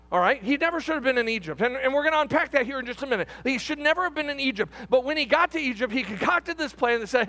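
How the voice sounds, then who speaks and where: A man's voice: very high voice, a bit bright. A middle-aged male pastor giving a conversational sermon, repeating phrases and asking the congregation questions.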